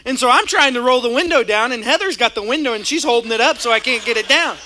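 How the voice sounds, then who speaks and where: A male pastor preaching from a church stage, with a high, very bright voice. He tells stories with lively energy and laughs often along the way. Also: fast talker, a little hiss or hum. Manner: animated storytelling with frequent laughter. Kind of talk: sermon. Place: church stage before a congregation.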